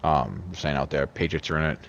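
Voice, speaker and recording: An American man with a very deep voice co-hosts a casual podcast. His mic sounds dull and lo-fi, and he rambles along, hedging with "like" and "you know.". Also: fast talker, vocal fry, a bit bright, a little hiss or hum. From United States. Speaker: podcast co-host.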